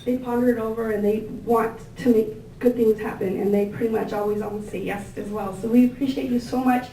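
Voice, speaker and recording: A woman giving a thank-you speech at a gathering, introducing guests with warm, gushing words and many fillers. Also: fairly high pitch, steady tone, fairly quick. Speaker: event organizer introducing staff and guests. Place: large indoor room with tables. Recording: echoey room, picked up from a distance, faint ambient noise.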